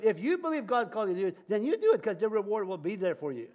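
A male preacher giving a sermon, halting and restarting often, with light jokes. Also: sits high, very animated, a little mellow, lo-fi sound.

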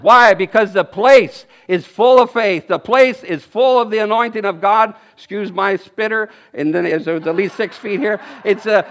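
A man in his fifties preaching a lively sermon at a church service, exclaiming and laughing often. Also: high voice. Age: 50s. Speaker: guest preacher.

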